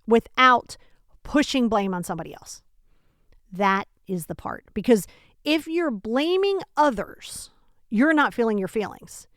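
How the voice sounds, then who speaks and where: A woman's voice: a little high, animated, unhurried, fairly bright tone, dry recording, studio quality. A woman hosting a self-help podcast from home, talking casually and emphatically straight to the listener, often asking rhetorical questions. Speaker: podcast host.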